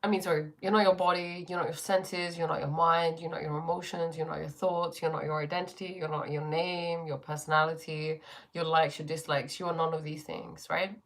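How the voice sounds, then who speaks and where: Female host, spiritual livestream, lowish voice, reflective, sore throat, home webcam feel. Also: level tone, brisk. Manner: reflective, greets viewers, many fillers. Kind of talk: casual spiritual talk on a livestream. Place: her bedroom.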